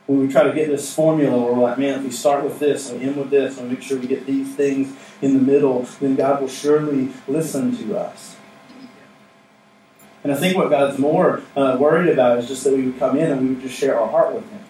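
A male pastor talks through his sermon in a relaxed, joking, plain-spoken way. The sound is roomy and echoing, picked up from a few steps back. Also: medium pitch, brisk. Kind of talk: conversational sermon. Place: church sanctuary with responding congregation. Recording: echoey room, mic at a distance, faint noise.

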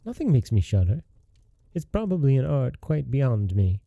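A man's voice: medium pitch, sing-song, moderate pace, gravelly, dark tone, no echo, clean studio sound. A man reading as an earnest simple young lad. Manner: earnest, plain-spoken. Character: naive fearless young man, simple-hearted.

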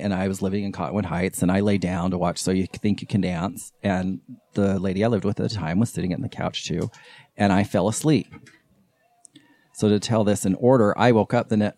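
A low-voiced man telling a tale on a podcast, slipping into the voices of the people in his story. His tone is dark and mellow, and the sound is dry and close. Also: no room sound. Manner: animated, acts out quoted voices. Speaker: podcast guest. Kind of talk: casual storytelling.

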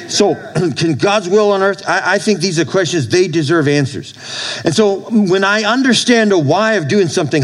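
A man's voice: fairly high pitch, rough recording. A man preaching a sermon as pastor, emphatic, repeating his phrases and calling for amens from the congregation.

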